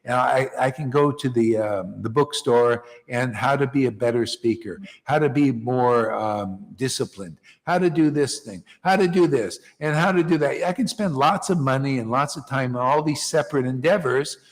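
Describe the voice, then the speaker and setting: A man leading a devotional gathering, preaching informally with emphatic rhetorical questions that rise to near shouts. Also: mid-range voice, moderate pace, hardly any pauses, long reverb tail. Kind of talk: informal preaching to a small group.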